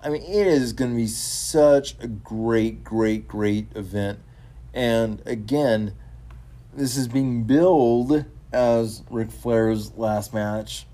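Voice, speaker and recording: A man's voice: medium pitch, drawn-out words, pauses often, dark tone. A man hosting a casual solo talk show about wrestling, talking enthusiastically with many fillers, restarts and repeated words. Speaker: podcast host.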